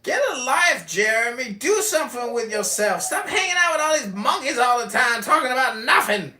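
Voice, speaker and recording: A speaker in a heated group voice chat who shouts insults and mocks the others. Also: female voice, a little high, sing-song, normal speed. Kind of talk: heated crude argument. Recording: echoey, distant voice chat.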